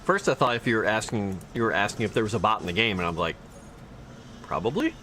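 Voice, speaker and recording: A man's voice: on the low side, very animated, fast, pushed and bright, slight background noise. A man streaming a video game, chatting casually with viewers, reading out loot and skill text and teasing his chat. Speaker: livestreamer. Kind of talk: casual gameplay commentary.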